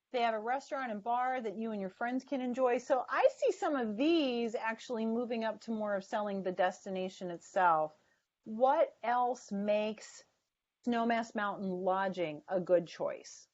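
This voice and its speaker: A woman with a medium-pitched, unhurried voice leads a sales training webinar, stressing words in an emphatic coaching tone. It comes through a video call, and the webinar audio sounds dull and lo-fi.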